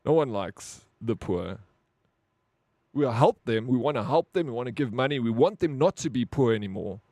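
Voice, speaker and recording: South African male streamer, mid-pitched, blunt and profane, dry close mic. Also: animated, unhurried, pauses often, mellow, dry recording. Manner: blunt, profane, rambling with frequent "bro". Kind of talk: casual live-stream chat.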